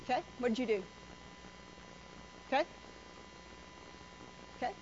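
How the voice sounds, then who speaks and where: A woman preaches a sermon in a high voice, telling folksy stories and teasing the congregation. The recording is a little dull and muffled, with faint background noise. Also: unhurried, a little mellow. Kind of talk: sermon with storytelling.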